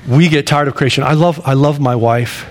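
A man in his thirties preaching a sermon in a conversational way, repeating phrases and swinging from loud bursts to low, quiet lines. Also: moderate pace. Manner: animated, rising to loud bursts then dropping low and quiet. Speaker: pastor.

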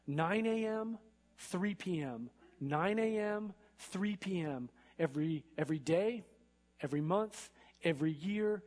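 High-voiced animated male preacher. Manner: animated, rising to emphatic peaks, frequent "right?" check-ins. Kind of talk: sermon.

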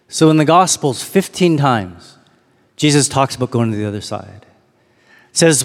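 A man's voice: medium pitch, animated. Man, pastor, sermon, reflective, lingering delivery, long hall reverb. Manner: reflective, slows to read and linger on lines.

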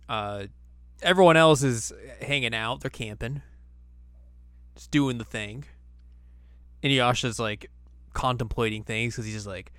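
A man's voice: medium pitch, unhurried, pauses often, fairly bright tone, dry recording. Podcast host, man, casual and joking, dry close sound. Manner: joking, recaps animatedly. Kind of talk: casual chat.

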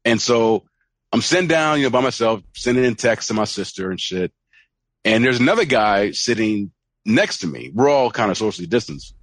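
Animated man telling a story. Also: lowish voice, moderate pace, no echo. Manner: animated storytelling, acts out quoted voices. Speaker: podcast co-host. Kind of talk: casual chat.

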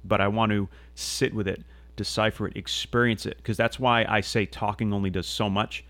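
A man speaks at normal speed with a flat delivery, his voice low-side and a bit bright, with no echo. Chatting on a podcast, he rambles earnestly, keeps restarting and using fillers, and swears in a relaxed way.

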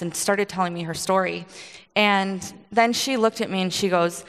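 A woman from Michigan giving a conversational sermon, telling stories with quick asides and frequent laughs. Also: medium pitch, fairly even intonation, smooth, in a large hall. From Michigan, USA. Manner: casual storytelling, quick asides, laughs often. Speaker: preacher.

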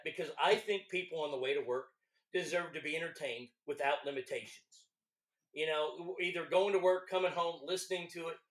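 Loud, high-voiced Texan man. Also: roomy sound. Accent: Texas. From Texas. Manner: loud, profane, stammering restarts. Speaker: radio host guest. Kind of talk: casual podcast chat.

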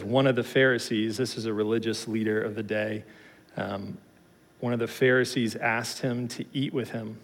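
Male pastor, 30s, mid-pitched, relaxed sermon delivery with fillers, recorded in a reverberant hall. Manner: casual, conversational storytelling with frequent fillers.

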